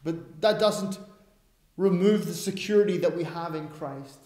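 A man's voice: a little high, measured pace, a little mellow. A man preaching a sermon, emphatic and given to self-aware asides. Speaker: pastor. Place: church. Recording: roomy church echo.

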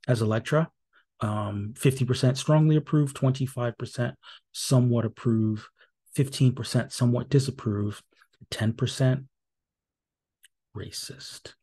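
A man's voice: medium pitch, mellow, breathy edge. A man hosting a solo podcast, talking casually and wryly with many fillers and self-corrections. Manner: dry and wry. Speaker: podcast host.

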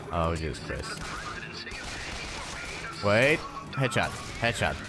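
Male Let's Play commentator, low voice, exasperated and profane, loud game music behind. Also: expressive, moderate pace. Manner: frustrated, swearing, voice jumping up when annoyed. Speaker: gameplay commentator.

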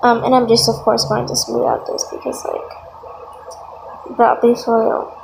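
A woman's voice: fairly high pitch, big pitch swings, unhurried, creaky, a little mellow, slight background noise. A young woman giving a rambling, giggly casual drawing tutorial, often laughing and interrupting herself. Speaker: vlogger. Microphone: phone.

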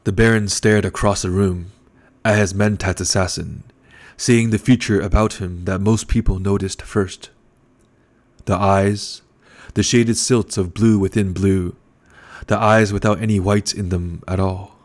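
A man narrating an audiobook in a measured, calm storytelling manner. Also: lowish voice. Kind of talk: scripted narration.

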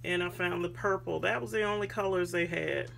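Chatty craft vlogger woman, gravelly voice. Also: fairly low pitch, brisk, a bit bright, slight background noise. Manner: chatty, addresses viewers as guys, many ums. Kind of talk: casual show-and-tell chat. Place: home craft room.

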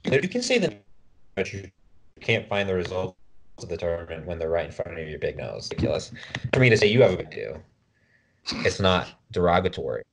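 A man with a very low voice talks casually on a podcast, joking and teasing his co-host as he reels off results. His delivery is loose and offhand, with names tumbling out one after another. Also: big pitch swings, fairly quick, pauses often, background noise. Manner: loose, joking banter, rattles off wrestler names.

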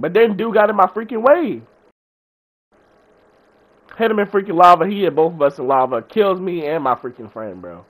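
A man who runs a gaming channel, excitedly retelling a match in casual slang. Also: sits high. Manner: slangy, excitable, fast-talking recap. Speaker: gaming YouTuber. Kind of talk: animated storytelling over gameplay.

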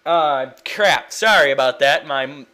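A young man giving casual, rambling commentary while playing a video game, excitable and quick to swear. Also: a little high. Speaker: let's play gamer.

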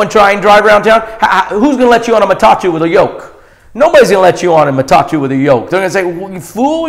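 A man teaching a classroom-style Bible session as pastor, animated and acting out scenes with sudden jumps in pitch and loudness. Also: creaky. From United States.

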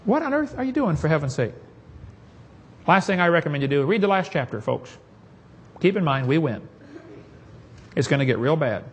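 Husky-voiced Southern preacher, folksy. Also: male voice, a little high, big pitch swings, moderate pace, pauses often. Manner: folksy, joking, storytelling. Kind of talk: sermon.

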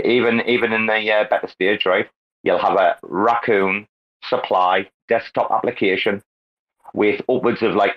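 A man hosting a crypto talk space, brash and excitable, swearing constantly in casual banter. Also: fairly low pitch. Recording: lo-fi online call audio.

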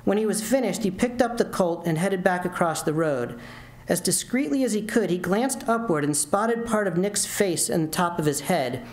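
A man's voice: high-pitched, expressive, moderate pace. A man reading his own fiction aloud at a university, narrating steadily with occasional restarts. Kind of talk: literary reading. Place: university lecture room. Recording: roomy lecture hall.

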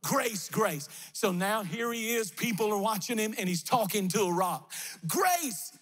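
Husky high-voiced man preaching a fervent sermon. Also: normal speed, fairly bright tone, faint music behind. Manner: fervent, chanting and sing-song preaching. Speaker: pastor. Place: near-empty church sanctuary.

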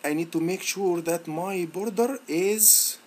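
A male instructor talking students through a software lab on screen, thinking aloud with repeated words and many fillers. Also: slow pace. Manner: lively, rising pitch on praise words. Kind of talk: screen-recorded software tutorial.

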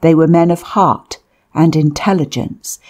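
A woman narrating a memoir-style audiobook in a measured, deliberate reading. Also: sits low, steady tone, darkish tone.

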